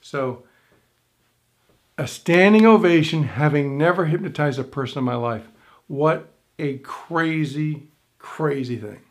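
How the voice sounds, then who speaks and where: A middle-aged man, a stage hypnotist and teacher, telling a story in an animated way with quoted thoughts. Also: a little slow, long pauses. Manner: animated storytelling with big pitch swings and quoted inner thoughts. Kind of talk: storytelling to camera.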